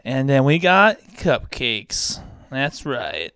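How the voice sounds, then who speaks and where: A young man co-hosting a podcast, joking loudly and swearing freely in casual chat. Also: on the high side, lively intonation, normal speed, smooth, no room sound. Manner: profane, boisterous, joking. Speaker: podcast co-host.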